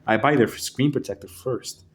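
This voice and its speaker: A man casually telling a rambling story to camera, swearing often and restarting his sentences. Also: mid-range voice. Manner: rambling, profane, halting restarts. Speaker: vlogger.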